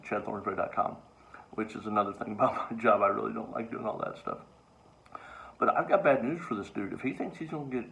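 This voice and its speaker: A man's voice: medium pitch, fairly bright tone, rough recording. Exasperated, wry male comedian telling a story. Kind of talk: casual monologue to camera.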